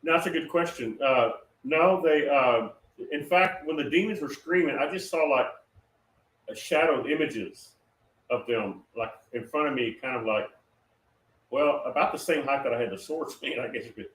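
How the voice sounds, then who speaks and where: A man's voice: medium pitch, normal speed, fairly bright tone. A man casually recounting a dream in a rambling way, with many fillers and restarts. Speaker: guest recounting a prophetic dream. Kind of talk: casual conversational storytelling. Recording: roomy, distant mic with faint noise.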